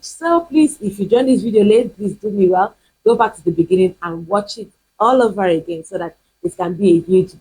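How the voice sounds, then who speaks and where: A woman's voice: mid-range voice, mellow, slightly rough, rough recording. A woman pastor, preaching emphatically in a teaching video, repeating her points and firing rhetorical questions. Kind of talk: sermon-style teaching video.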